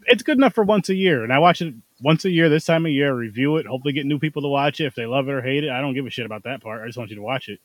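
A male podcast host chatting with friends at a quick pace. His voice is recorded dry and close, and he speaks enthusiastically with casual swearing. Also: mid-range voice, no echo, poor audio. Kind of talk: casual group chat.

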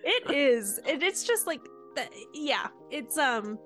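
A high-pitched woman co-hosting a chatty podcast. She talks in a loose, self-deprecating way and laughs easily. Faint music sits under her voice. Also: very animated, slow, a bit bright. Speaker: podcast co-host. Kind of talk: casual podcast chat.

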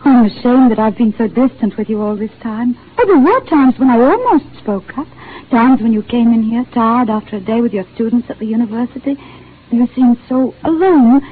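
An actress playing a shy, gentle and lonely bookshop clerk, speaking sweetly in a 1940s radio drama on a tinny broadcast. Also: female voice, a little high, natural voice. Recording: tinny lo-fi old radio broadcast, faint hiss.

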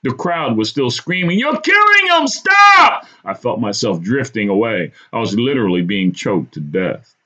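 A man's voice: lowish voice, expressive, moderate pace. A man hosting a podcast, telling a true story from his own life in a dramatic first-person style. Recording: dull lo-fi recording.

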